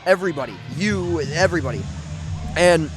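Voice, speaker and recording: Brisk and animated, with a slightly high voice, the St. Louis commentator pours emotion into his wrestling call over music, pressing his points and repeating them.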